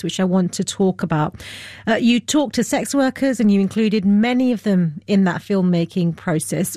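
A woman presenting a radio news program, measured and smoothly linking topics and guests. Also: mid-range voice, warm tone, no room sound, studio quality.

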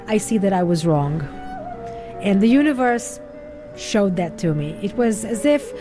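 A woman telling her own story in a radio interview, reflective and expressive, acting out the voices she quotes. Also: medium pitch. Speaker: interview guest, musician.

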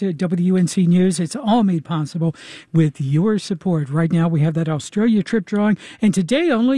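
Brief: male radio host, high and mellow, brisk fundraising patter, dry studio sound. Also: slightly rough, dry recording. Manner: brisk, repeats phone number. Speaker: radio pledge drive host. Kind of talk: on-air fundraising pitch. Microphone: studio microphone.

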